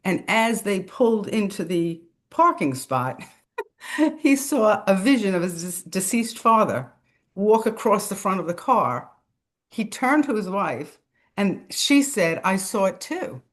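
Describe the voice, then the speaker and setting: A middle-aged woman, a guest on a talk show, telling a personal story in a casual, animated way, acting out the voices of the people she quotes and laughing between phrases. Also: mid-range voice, measured pace. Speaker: podcast guest, author.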